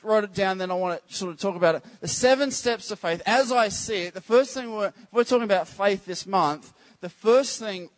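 Chatty, teasing man preaching a sermon. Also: sits high. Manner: chatty, teasing, addresses the crowd with quick questions. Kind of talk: casual, joking sermon to a congregation. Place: church service.

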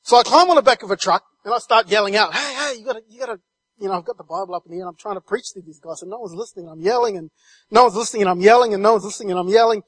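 A man shares his testimony as a guest speaker. His voice sits high, and the sound is dry and close. He tells the story vividly, linking his phrases with a stream of repeated "and"s. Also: racing, husky, no echo. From New Zealand.

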